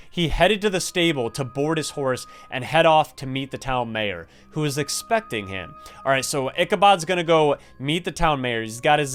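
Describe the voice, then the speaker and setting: A young man doing chatty, excitable gameplay commentary and reading the story aloud, dropping to a hush when things get creepy. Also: mid-range voice, clear, resonant tone. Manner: excitable, chatty, drops to hushed tones when spooked. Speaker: gaming YouTuber.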